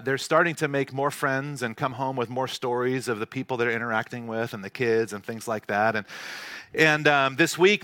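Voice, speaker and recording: A man's voice: medium pitch, sharp tone, no echo. A man, a pastor telling a family story in a casual, chatty way before his sermon. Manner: casual storytelling, acts out dialogue. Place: church hall.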